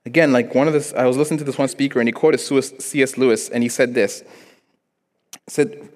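This young man preaches a little fast, his medium-pitched voice keeping a fairly even intonation. Casual stories, acted-out quotes, and frequent "like" fillers run through his sermon, which echoes with long reverb in the church hall.

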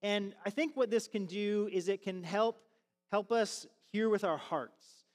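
A man's voice: high-pitched, unhurried, in a large hall. A man pastor preaching a sermon to his congregation in a church, talking in a conversational way with fillers and restarts. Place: church sanctuary.

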